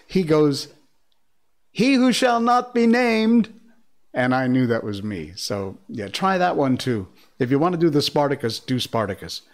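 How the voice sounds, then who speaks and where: A man hosting a live stream, reacting to clips and telling stories in a rambling, excitable way with frequent laughs. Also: mid-range voice. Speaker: livestream host. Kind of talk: casual live-stream commentary.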